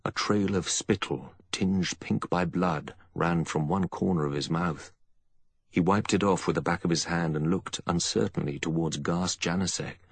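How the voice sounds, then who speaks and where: A man reading a novel aloud as narrator in a steady storytelling voice. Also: low voice, normal speed, slightly rough, dry recording. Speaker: audiobook narrator. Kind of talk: scripted narration.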